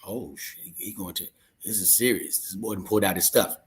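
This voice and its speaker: A young man hosts a casual livestream and talks with his viewers. His delivery is loose and slangy, full of jokes and quick asides. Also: low voice, slight background noise. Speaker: livestream host.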